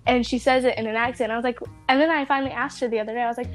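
Young Southern-accented woman, podcast co-host, casual rambling chat, higher voice. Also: steady tone, racing, few pauses, faint music behind. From American South. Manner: chatty, rambling with many fillers.

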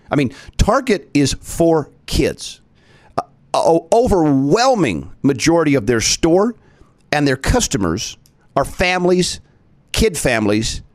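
A man's voice: medium pitch, no echo. A man hosting an opinion podcast, talking straight to his listeners in an emphatic, indignant way. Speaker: podcast host. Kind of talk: opinion commentary.

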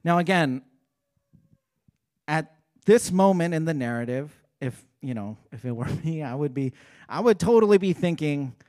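A male pastor delivers a relaxed, conversational sermon. He peppers it with rhetorical questions. His delivery swings between loud, animated stretches and hushed, earnest ones. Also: a little high, moderate pace. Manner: casual preaching with rhetorical questions and "right?".

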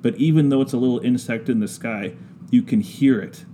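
A man telling a story in casual podcast talk, slow and drawn out with frequent ums. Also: medium pitch, mellow, a little hiss or hum. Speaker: podcast guest discussing scripture.

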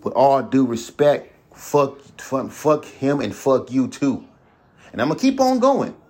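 A man's voice: medium pitch, sing-song, measured pace, a little mellow. A man hosting a podcast alone, ranting bluntly with heavy profanity and repeating himself. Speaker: podcast host. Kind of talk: solo ranting monologue.

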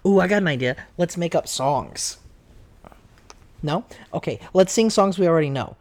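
A man's voice: fairly high pitch, expressive, normal speed, a little mellow. A man, a dad, hosting a casual podcast chat with his child, asking playful, goofy questions. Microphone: podcast microphone.

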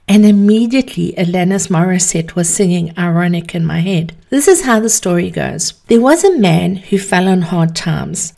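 Woman telling a measured motivational story. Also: mid-range voice, warm tone. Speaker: podcast host.

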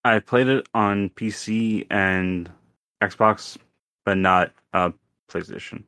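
A man's voice: on the low side, slow pace, sharp tone, smooth, no echo. A man co-hosting a podcast, speaking earnestly and hesitantly, often restarting sentences. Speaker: podcast co-host. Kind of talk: casual chat.

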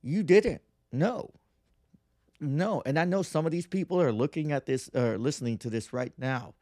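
Clean studio audio with no room sound captures a man's slightly high, dark-toned voice at a moderate pace. He's a podcast host in his thirties, ranting through a casual monologue in a brash, profane, mocking style and doing whiny imitations of others.

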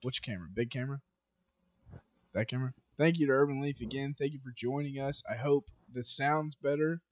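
A man's voice: mid-range voice, fairly even intonation, brisk. A man co-hosting a casual podcast from a cafe, goofy and laughing often, talking into a podcast mic. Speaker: podcast co-host. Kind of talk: casual chat.

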